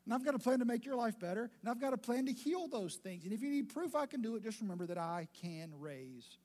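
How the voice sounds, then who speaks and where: A breezy, confident God speaks in easy slang, voiced by a man fired up and fatherly. The voice sits high and eager. It sounds like a friend hyping you up rather than thundering. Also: big pitch swings, fast, darkish tone, heavily acted. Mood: rousing. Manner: chatty, hyped-up, colloquial.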